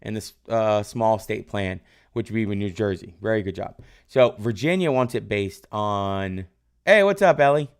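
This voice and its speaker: Low gravelly-voiced male teacher. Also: moderate pace, darkish tone. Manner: quizzes viewers and praises their answers from chat; loose, rambling, tag questions like "right?". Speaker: history teacher. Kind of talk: live-streamed exam review lesson.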